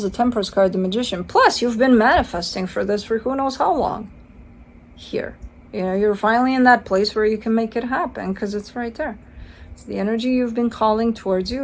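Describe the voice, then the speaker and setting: A woman does a casual tarot reading, chatty and playful, swearing now and then and acting out the listener's side. Her voice is a little high and creaky, with a faint hiss or hum in the audio.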